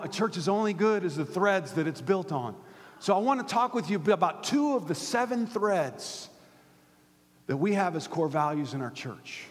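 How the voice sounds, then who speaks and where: A man preaching a sermon as pastor, swinging from loud emphatic peaks to hushed near-whispers. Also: high-pitched. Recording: hall reverb.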